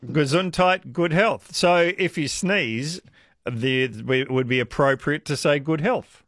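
A man with an Australian accent hosting a talkback radio show, chatty and quick to laugh. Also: fairly high pitch, no echo, clean studio sound. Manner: chatty, laughs easily, lively. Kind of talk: casual talkback radio chat.

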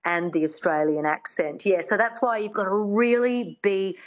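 A woman's voice: mid-range voice, moderate pace, muffled recording. A woman speaking as an accent coach in a radio interview, explaining her craft earnestly and circling back to rephrase.

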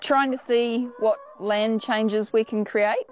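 An Australian woman farmer talks outdoors in a relaxed interview. She fills her pauses with "um" and "yeah". Faint outdoor noise sits behind her. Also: on the high side. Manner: relaxed, many "um" and "yeah" fillers. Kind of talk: casual interview. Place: outdoors on a farm.

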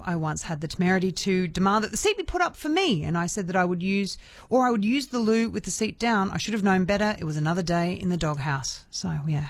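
A woman's voice: fairly low pitch, no room sound. A woman hosting talkback radio, chatty and self-mocking, laughing easily between remarks. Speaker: radio host. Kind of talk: casual talkback radio chat. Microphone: studio microphone.

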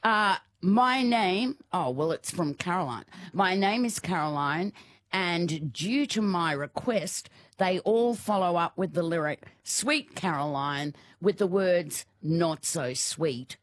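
A woman's voice: lowish voice, animated, slow pace. A woman co-hosts a radio show and chats eagerly with the guest. She also reads a listener message aloud. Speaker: radio co-host. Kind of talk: casual radio interview chat.

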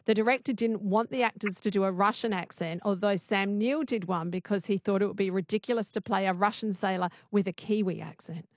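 A woman hosting a radio talk show, reading listener texts aloud and asking the guest questions. Her voice sits at a middle pitch. The sound is dry and close. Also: fairly quick, few pauses, dry recording. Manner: reads out listener messages. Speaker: radio host.

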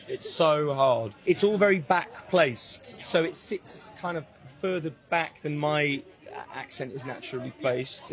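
A man, an actor, speaking candidly in an interview clip played on air. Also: mid-range voice.

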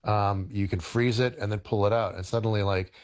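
A middle-aged man, a historian and chef, explaining cooking on radio in a halting way, with many fillers and restarts. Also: on the low side, steady tone.

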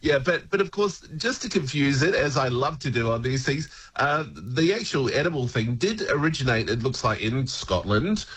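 A man's voice: medium pitch, lively intonation, normal speed, hardly any pauses, fairly bright tone, breathy edge. A man talking casually as a language expert guest on a radio show, chatty and laughing. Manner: chatty, laughing, frequent restarts.

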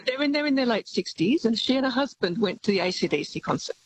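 A woman's voice: on the high side, expressive, fast talker, a little hiss or hum, rough recording. A woman caller telling a story and giving an opinion in a recorded message.

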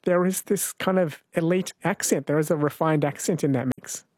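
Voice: medium pitch, fairly even intonation, normal speed, a little mellow, dry recording. A host in a casual conversation, asking curious follow-up questions. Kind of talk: casual radio-style conversation.

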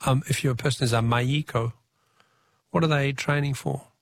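A man's voice: mid-range voice, steady tone, normal speed, no room sound, studio quality. A man with an Australian accent hosting a talkback radio quiz, chatty, reading out listener texts and taking callers. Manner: chatty, reads texts aloud, laughs easily.

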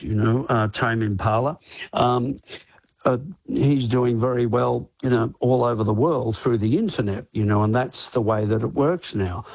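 A man's voice: mid-range voice, a little mellow, breathy edge, no echo, muffled recording. An older Australian man, a rock singer, rambling casually in a radio interview with many filler phrases and frequent laughter, on a studio microphone. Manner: rambling, many "you know"s, laughs often.

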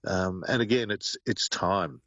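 Older guy cohost, low voice, muffled dry line, thinks out loud with lots of ums. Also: unhurried, no echo. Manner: reflective, hesitant with fillers. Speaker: co-host. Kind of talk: radio talk show.

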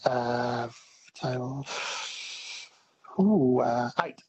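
Husky Australian caller. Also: male voice, medium pitch, drawn-out words, muffled recording. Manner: relaxed, good-humoured.

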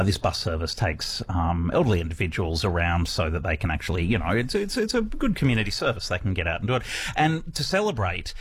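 Aussie guy cohosting, bit husky, dry jokes, lots of ums. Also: on the low side. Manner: dry joking, lots of filler. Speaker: radio co-host. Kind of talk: casual chat.

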